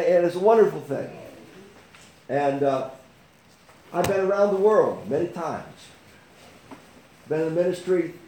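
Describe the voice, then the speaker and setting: An older man preaching from his own life, his voice set high for a man. He stops and restarts with plenty of fillers, then swells into fervent outbursts. The sound carries a roomy echo. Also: warm tone. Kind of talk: testimony sermon.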